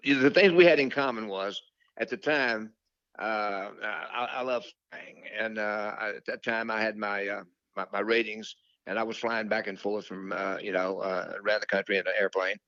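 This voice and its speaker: A man's voice: fairly low pitch, moderate pace, a bit bright, no room sound. Older man rambling through stories, lo-fi. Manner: rambling, many fillers and restarts, quotes his own thoughts. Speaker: guest. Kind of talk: casual storytelling interview. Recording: dull lo-fi dry sound.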